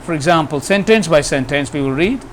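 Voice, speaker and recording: A man's voice: a little high, expressive, brisk, fairly bright tone, a little hiss or hum. Hesitant teacher, man. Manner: hesitant, many fillers and restarts. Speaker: English teacher. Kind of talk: grammar lesson.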